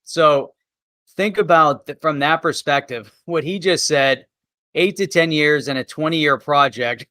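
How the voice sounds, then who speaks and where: A man's voice: a little high, fairly bright tone, dry recording, clean studio sound. A man co-hosting a live crypto talk show in casual chat, laughing often as he talks.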